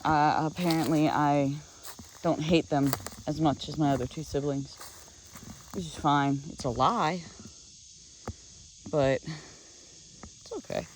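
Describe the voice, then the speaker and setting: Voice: mid-range voice, fairly even intonation, slow, long pauses, a little hiss or hum, poor audio. An adult vlogger talking casually while walking outdoors in the woods, rambling and frustrated, with lots of fillers and restarts.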